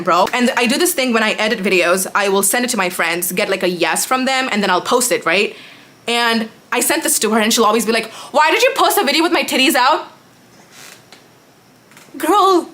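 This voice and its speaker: Exasperated young woman ranting to camera. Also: fairly high pitch. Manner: animated, exasperated, sarcastic, talks fast with lots of 'like'. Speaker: vlogger. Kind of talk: storytime rant.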